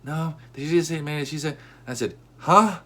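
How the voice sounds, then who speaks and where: Animated man telling a comic story. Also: fairly quick. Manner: animated, acts out quotes with sudden high-pitched outbursts. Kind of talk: comedic storytelling monologue.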